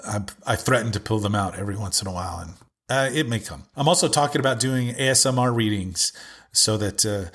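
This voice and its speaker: A middle-aged man hosts his own podcast alone, talking in a loose, rambling way and circling back on himself. His voice sits low and carries a husky, slightly breathy grain. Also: fairly bright tone. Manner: rambling, with many restarts and asides. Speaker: podcast host. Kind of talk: casual solo podcast monologue.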